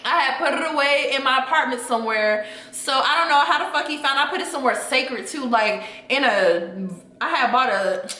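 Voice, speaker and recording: Young woman vlogger, fairly high and bright, profane and heated, echoey room. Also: normal speed. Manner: heated, profane, venting to viewers. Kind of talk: casual storytime rant.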